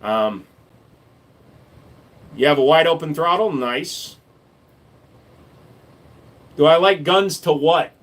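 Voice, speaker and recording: A man hosts a casual livestream and talks in a slightly high voice. He answers viewers' comments with blunt, profane jokes. His delivery is loose and unscripted banter. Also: animated, slow pace, pauses often, fairly bright tone. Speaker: livestream host reading chat.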